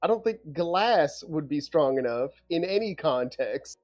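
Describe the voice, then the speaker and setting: A man's voice: a little high, expressive, measured pace, a little mellow, soft background music. A man playing in a tabletop game, chatting casually and arguing his points skeptically. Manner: skeptical, argumentative. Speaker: player.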